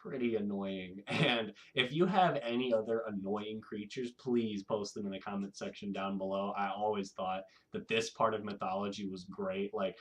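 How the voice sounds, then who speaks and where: Rambling, animated man talking to camera. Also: on the low side, moderate pace, few pauses. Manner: rambling, animated, laughs often. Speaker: video host. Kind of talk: casual talk to camera.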